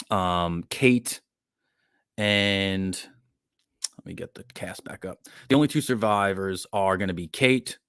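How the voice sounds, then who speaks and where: A man with a fairly low voice hosts a casual podcast movie review. He rambles and trips over his own words, throwing out blunt opinions. The sound is dry and close, with no room echo. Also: fairly bright tone. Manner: rambling, opinionated, many restarts and fillers. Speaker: podcast host.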